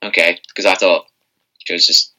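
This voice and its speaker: A man's voice: low-pitched, little pitch movement, normal speed, sharp tone, rough recording. A man co-hosting a podcast in casual chat, rambling with many fillers and restarts. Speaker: podcast co-host.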